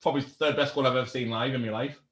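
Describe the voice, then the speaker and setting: Fast-talking man. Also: mid-range voice. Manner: excitable, sweary football storytelling. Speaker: co-host. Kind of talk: casual chat over drinks. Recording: echoey room.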